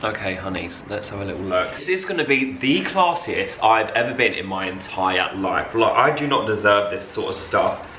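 A young man filming a casual vlog in his flat, gushing and excitable as he talks to viewers. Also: fairly low pitch, moderate pace, distant mic, a little hiss or hum. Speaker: vlogger. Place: flat, indoors. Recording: echoey room.

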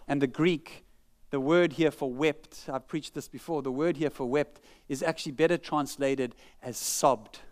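Earnest, higher-voiced male pastor preaching. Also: a little mellow. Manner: reads scripture slowly with dramatic pauses; earnest and conversational between readings. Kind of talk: sermon. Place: church.

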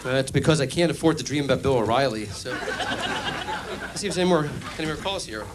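A man performing a stand-up comedy routine on a club stage, delivering deadpan jokes and playing mock call-in phone bits. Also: medium pitch, fairly quick, very noisy.

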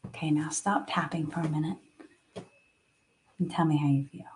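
A woman guiding a live tapping and meditation session, speaking slowly and soothingly and sighing between cues. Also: sits low, steady tone, slight background noise.

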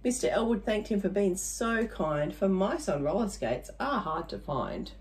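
A woman reads a rhyming picture book aloud to young listeners in a bouncy, rhythmic way. Her voice sits at a middle pitch, and she breaks off now and then for friendly little asides. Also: very animated, normal speed. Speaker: storyteller reading to children.

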